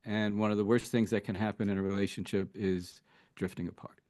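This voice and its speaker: In casual interview talk, a relationship coach guest thinks out loud, often saying "you know" and restarting his sentences. His pitch is fairly low and fairly flat, his tone dark, and he talks a little fast, recorded clean in a studio without echo.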